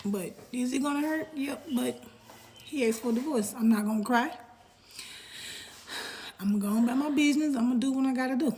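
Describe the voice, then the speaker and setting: A woman's voice: high-pitched, brisk, long pauses, a little mellow, a little hiss or hum. A woman giving a casual, resolute update to her followers. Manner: steadying herself, resolute. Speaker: vlogger.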